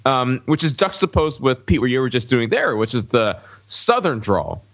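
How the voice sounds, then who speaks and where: Man from the American South, podcast co-host, casual film talk, pauses to search for words, middle pitch, muffled lo-fi mic. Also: very animated, fairly bright tone. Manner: searching for words, many fillers and restarts.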